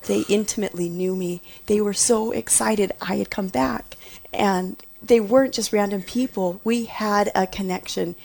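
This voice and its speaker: A woman earnestly recounting a deeply personal experience, often dropping into a hushed whisper. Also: fairly even intonation, moderate pace, gravelly. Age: adult mother. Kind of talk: personal testimony.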